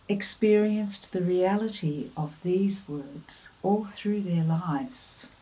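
A woman giving a devotional talk, telling a family story and offering earnest, gentle encouragement. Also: on the low side, poor audio. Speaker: devotional speaker.

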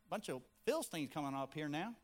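A man's voice: on the high side, animated, fast talker, big-room sound, lightly acted. A man voicing a brash, laid-back country warrior who brags in a drawl. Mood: cocky.

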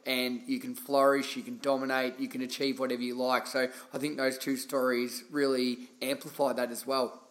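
A man's voice: mid-range voice, little pitch movement, normal speed, a bit bright. A man hosting a podcast interview, responding in an encouraging, affirming way. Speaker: podcast host. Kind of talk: interview conversation.

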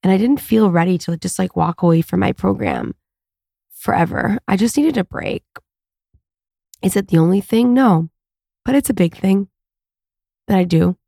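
A woman's voice: mid-range voice, normal speed, vocal fry, pauses often, mellow, no room sound, studio quality. A woman hosting her own podcast, talking alone in an earnest, confessional, rambling way with many fillers, from home. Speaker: podcast host and coach. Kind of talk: casual solo podcast monologue.

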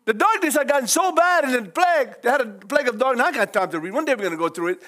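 A Cajun-accented man preaches a folksy sermon in a very high, animated voice, talking fast with a sharp tone. He keeps breaking into "praise God" and "hallelujah," chuckling often between lines.

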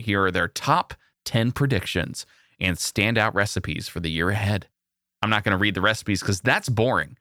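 A man co-hosting a podcast in a playful chat. His voice is bright and sits low, and his pitch swings a lot. The sound is dry and close to the mic. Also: no echo. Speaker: podcast co-host.

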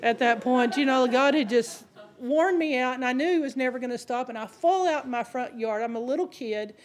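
Woman preacher with a higher voice. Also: brisk. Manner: humorous storytelling with chuckles; conversational, addresses the congregation directly. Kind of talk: sermon.

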